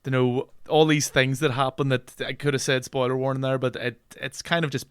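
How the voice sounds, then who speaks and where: A man co-hosting a casual film podcast. He talks in halting bursts with lots of restarts and frequent laughter. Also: medium pitch, little pitch movement, smooth, no room sound, clean studio sound. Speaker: podcast co-host.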